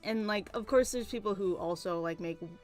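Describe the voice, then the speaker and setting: A woman's voice: mid-range voice, fairly quick. A young woman chatting casually and venting while she works on a drawing, rambling and swearing freely. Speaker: art streamer. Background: soft background music.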